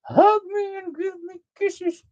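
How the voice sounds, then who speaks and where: A man doing a squeaky begging puppy girl. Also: steady tone, takes it slowly, a little mellow, muffled recording. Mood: pleading. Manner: high sing-song baby talk. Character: excited little female dog begging for kisses.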